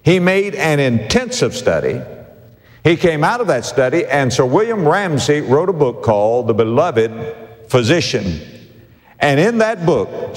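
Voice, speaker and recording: Man preaching with lively pitch, echoing hall. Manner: emphatic preaching with repetition and slowed key phrases. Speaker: pastor. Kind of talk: sermon.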